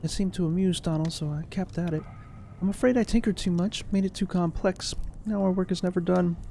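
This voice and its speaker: A man's voice: sits high, fairly even intonation, brisk, creaky, warm tone, a little hiss or hum, pitched above the performer's own voice. A man voicing a wistful middle-aged woman, a former romance novelist, in a dreamy, rambling, self-mocking way.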